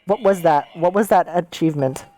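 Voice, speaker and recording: A woman with a low, mellow voice streams a story game. She reads the characters' lines aloud and breaks off for puzzled, offhand comments, while faint game music plays behind her. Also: a little fast. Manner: reacts with confused asides between read lines. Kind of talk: casual game stream, reading dialogue aloud.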